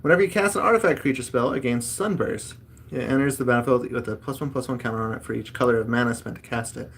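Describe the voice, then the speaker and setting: Male host, casual chatty delivery, mid-pitched, loose and rambling, faint background hiss. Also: fast talker. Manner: rambling, chatty, reads card text aloud. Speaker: host opening card packs. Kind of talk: casual chat.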